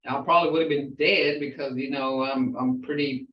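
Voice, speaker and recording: An older woman, a language teacher, slowly repeating words so her class can hear how they are pronounced, and talking in an outspoken way. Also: a bass voice, fairly even intonation. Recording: roomy, distant, dull lo-fi sound.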